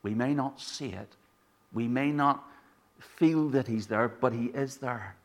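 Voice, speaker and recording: At a measured pace, a mid-range male voice with an Irish accent delivers a sermon; the preacher is from Ireland. He talks conversationally, telling stories and asking his congregation rhetorical questions.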